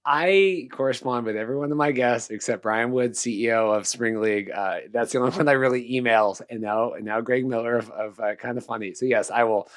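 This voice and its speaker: A man co-hosting a podcast in casual chat, animated and laughing as he talks. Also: mid-range voice, fairly quick, hardly any pauses. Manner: animated, laughs while talking. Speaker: podcast co-host.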